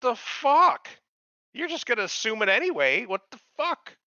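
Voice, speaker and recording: A man's voice: extremely high pitch, big pitch swings, moderate pace, pushed and bright, no echo. A man co-hosting a podcast, swearing freely as he rants about a TV show and mocks its characters. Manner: profane, ranting, mocks characters in put-on voices. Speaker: podcast co-host. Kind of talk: casual chat, crude TV recap. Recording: dull lo-fi sound.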